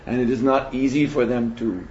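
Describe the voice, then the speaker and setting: A man teaching a spiritual seminar in a measured, reflective way, often pausing to hesitate. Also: medium pitch, flat delivery, darkish tone. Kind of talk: spiritual lecture. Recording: dull lo-fi recording with faint hiss.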